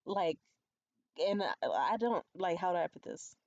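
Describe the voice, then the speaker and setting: A woman's voice: very animated, a little slow, no echo, highs cut off. A young adult woman vlogger telling a candid, profane story in a conspiratorial way. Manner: acts out quoted voices high and loud. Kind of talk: storytime vlog.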